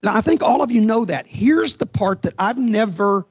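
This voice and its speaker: A man's voice: high voice, expressive, normal speed, husky. A middle-aged male pastor preaching a sermon, telling a story earnestly and often restarting his sentences. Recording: dull lo-fi sound.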